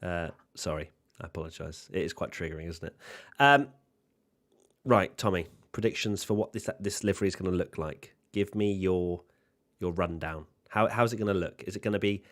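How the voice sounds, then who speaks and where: A man's voice: deep voice, moderate pace. A British man hosting a casual livestream watchalong, upbeat and jokey as he reads out viewer comments.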